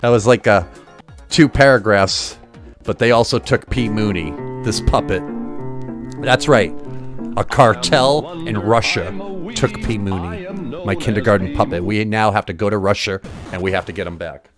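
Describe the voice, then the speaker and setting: A man streaming retro games and commenting casually, excitable and jokey, swearing often as he plays. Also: on the low side, moderate pace, over music.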